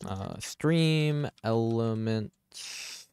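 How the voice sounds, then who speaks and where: A man's voice: mid-range voice, lively intonation, very slow, vocal fry, darkish tone, clean tone, dry recording. A man live streaming a game in casual chat, distracted and muttering hold on as he fixes settings, swearing casually and talking back to chat. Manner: distracted, keeps saying hold on while fiddling with settings.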